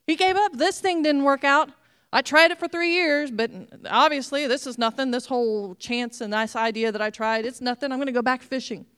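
A woman preaching a sermon, retelling a story with animated storytelling and acted-out voices. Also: sits high, brisk, clear, resonant tone.

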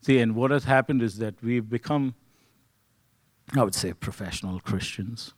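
A man preaching a conversational sermon, joking and swinging between loud, excited bursts and hushed, quiet stretches. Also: mid-range voice, moderate pace, no echo.

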